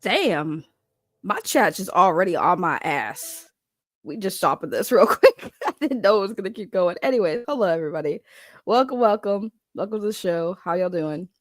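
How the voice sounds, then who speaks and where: A woman's voice: medium pitch, animated, normal speed, no room sound, studio quality. A woman hosting a casual livestream with a sore throat from a cold. She chats and greets viewers by name. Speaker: livestream host.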